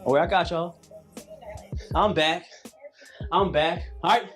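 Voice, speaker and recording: A man's voice: on the high side, slow pace, pauses often, a bit bright, faint music behind. A man in his late thirties coaching a live calisthenics workout, repeating cues and preaching about hard work. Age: late 30s. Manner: preachy, repetitive motivational cues.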